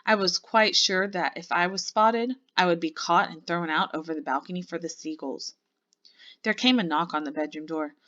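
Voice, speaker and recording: A woman teacher reading a children's book aloud with lively storybook narration. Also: fairly low pitch, normal speed. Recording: muffled lo-fi recording.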